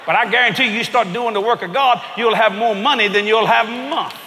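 High-pitched exuberant preacher man. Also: a little fast, a little hiss or hum. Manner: exuberant, shouting, laughing, acting out voices. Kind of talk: comedic sermon. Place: large church auditorium. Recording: echoey church hall, live crowd.

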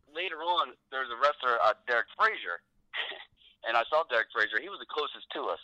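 A man, a pro wrestler, telling a story in casual chat and acting out the quotes with animated voices. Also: mid-range voice, brisk, no room sound, low-quality recording.

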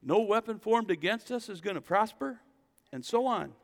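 A man preaching a sermon as a pastor, reading scripture and building to loud, emphatic calls to the congregation. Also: high-pitched, expressive, moderate pace, vocal fry, long reverb tail. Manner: preaching with rising, shouted emphasis and call-and-response asides.

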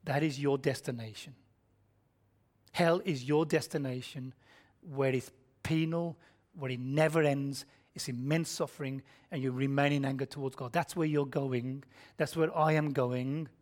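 Speaking at an unhurried pace in a mid-range voice with fairly level intonation, a man preaches a confrontational, blunt sermon. He quizzes his audience, dropping to whispers at times and shouting at others.

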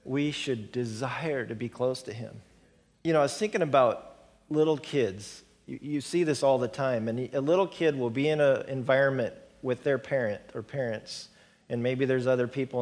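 Man, middle-aged, pastor, sermon, conversational, repeats words for emphasis, average pitch. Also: a little mellow. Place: church sanctuary.

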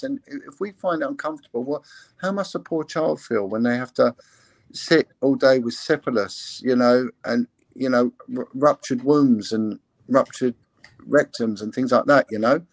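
A man's voice: mid-range voice, normal speed, no echo. A man, a former police investigator, talking earnestly in an interview with many restarts and fillers. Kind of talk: candid interview talk.

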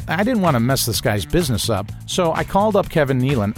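A man telling a personal story in a casual, animated way, mimicking the voices of people he quotes and chuckling now and then. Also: mid-range voice, brisk, hardly any pauses, soft background music.

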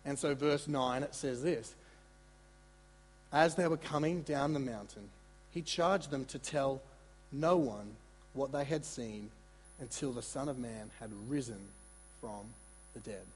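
A man preaching a sermon in a conversational, animated way, with asides and repeated words. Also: medium pitch, unhurried, pauses often, in a large hall, slight background noise. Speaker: pastor.

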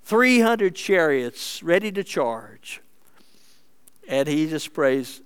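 A man preaching a sermon as pastor, earnest and measured, moving between emphatic lines and hushed ones. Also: a little high, very animated, clean tone.

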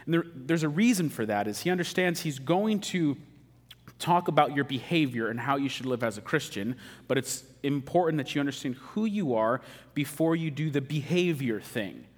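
A man's voice: fairly high pitch, expressive, moderate pace, long reverb tail. A man preaching a sermon in a casual, joking, conversational way. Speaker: pastor.

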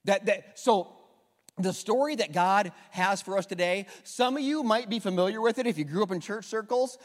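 In a church sanctuary filled with long reverb, a pastor preaches a humorous sermon at a normal pace. His voice sits high, and he stays animated and jokey, getting the congregation to repeat lines back to him.

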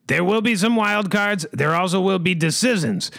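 A high, bright male voice with a gravelly edge, running an improv comedy game as game master. He announces each twist theatrically and leans on a rhyming catchphrase, with faint music behind him. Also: lively intonation, moderate pace, no echo.

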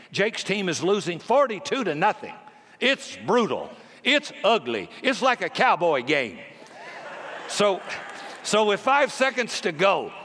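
An older man preaches in a storytelling way, his slightly high voice rising and falling widely from hushed lines to emphatic ones. Long reverb from a large hall trails every phrase. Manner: animated, swings from hushed to emphatic. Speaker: pastor. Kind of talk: storytelling sermon.

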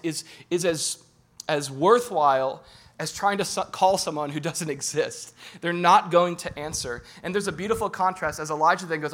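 A man preaching a sermon in an animated, humorous and emphatic way. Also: high-pitched. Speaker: pastor.

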